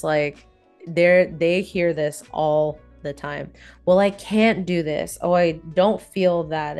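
A woman's voice: low-pitched, darkish tone. A young adult woman hosting a solo podcast, talking earnestly and candidly, repeating reassuring phrases. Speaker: podcast host. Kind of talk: reflective solo podcast talk.

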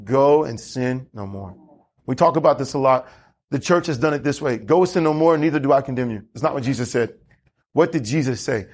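A man preaching a lively sermon as pastor, asking the congregation questions and drawing answers back. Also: mid-range voice, brisk, husky. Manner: animated preaching with congregation call-and-response.

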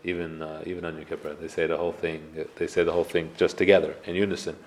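A man's voice: very deep voice, little pitch movement, quick pace, darkish tone. A man teaching a casual Torah class, explaining prayers with rhetorical questions. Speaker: rabbi giving a class.

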